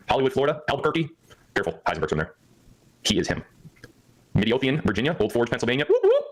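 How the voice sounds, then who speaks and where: A man's voice: mid-range voice, low-quality recording. A man hosting a livestream, talking in a hyper, joking way and laughing often. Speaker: livestream host. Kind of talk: rambling livestream chat.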